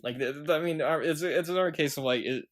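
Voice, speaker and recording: A man's voice: fairly high pitch, fast. A man co-hosting a movie podcast in casual chat, laughing often and quoting film lines. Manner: laughs often, quotes lines, loose and rambling. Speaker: podcast co-host.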